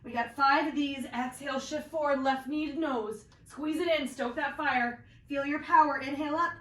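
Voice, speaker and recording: A woman's voice: sits high, steady tone, normal speed, sharp tone. A woman teaching a guided yoga class, calling out poses and breaths with encouraging cues while practicing along and a little out of breath. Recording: roomy echo, voice from a distance.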